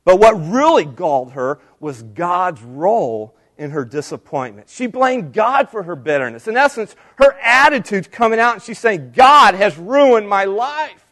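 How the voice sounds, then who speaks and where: Male pastor, high voice, earnest preaching with direct appeals. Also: sing-song, moderate pace, few pauses, a bit bright. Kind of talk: sermon.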